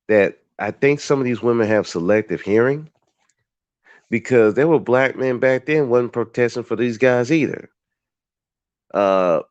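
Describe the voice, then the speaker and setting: A man's voice: lowish voice, clear, resonant tone, no room sound, dull audio. A man hosting his own podcast, giving a blunt, profane, heated solo commentary. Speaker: podcast host.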